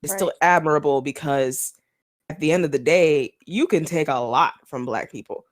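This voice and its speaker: Low-voiced woman chatting on a podcast. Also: normal speed. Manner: chatty, laughs often, many fillers. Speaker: podcast co-host. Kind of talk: casual chat.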